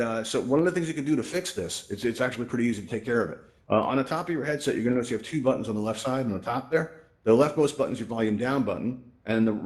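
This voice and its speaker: A man hosting a virtual reality tutorial event, talking casually and often tagging his sentences with "right?" and "you know", into a headset microphone. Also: lowish voice. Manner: chatty, tags lines with "right?" and "you know". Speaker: host presenting a VR tutorial event. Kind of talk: casual spoken presentation.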